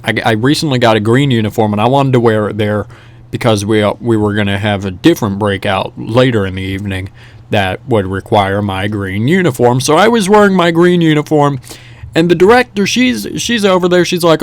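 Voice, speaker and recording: A young man telling a casual story in a rambling, animated way, with many restarts and fillers. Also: medium pitch, normal speed. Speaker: vlogger. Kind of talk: casual storytelling over gameplay.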